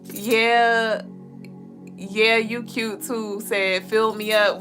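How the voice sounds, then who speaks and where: A woman's voice: a little high, big pitch swings, slow, pushed and bright, faint music behind. A woman hosting a casual livestream, reading viewer comments and laughing often. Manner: playful, laughs often, sings along and leads the chat. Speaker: livestream co-host.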